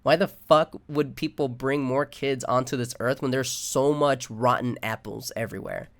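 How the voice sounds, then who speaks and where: A man's voice: mid-range voice, normal speed, few pauses. A man delivering an angry, profane rant into the camera, full of restarts and filler. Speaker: vlogger. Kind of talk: angry ranting monologue.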